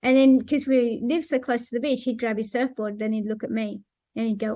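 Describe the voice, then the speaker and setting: A woman's voice: on the high side, level tone, brisk, dark tone. A middle-aged Australian woman talking candidly as an interview guest, laughing now and then. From Sydney, Australia. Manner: candid, laughs while recounting. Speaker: guest, para-surfer. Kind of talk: casual interview conversation.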